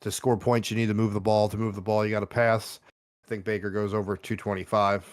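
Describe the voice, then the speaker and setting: Low-voiced dude calmly walking through his bets, lots of uhs, dry close sound. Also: quick pace, no room sound. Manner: laid-back, reasoning step by step with many uh fillers. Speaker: podcast co-host. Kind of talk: casual sports betting chat.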